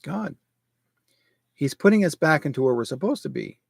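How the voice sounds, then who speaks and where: Brief: middle-aged male host, home office, rambling animated monologue, dry close sound. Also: normal speed, gravelly, no echo. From Canada. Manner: rambling, animated storytelling with sudden pitch jumps. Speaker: show host. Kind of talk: casual monologue.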